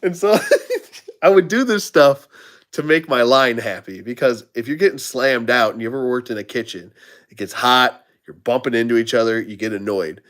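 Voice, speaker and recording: A middle-aged man hosts a casual chat and tells stories about restaurant work. His voice sits at a middle pitch, and he laughs often as he acts out the people in his stories. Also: normal speed, fairly bright tone. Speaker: channel host.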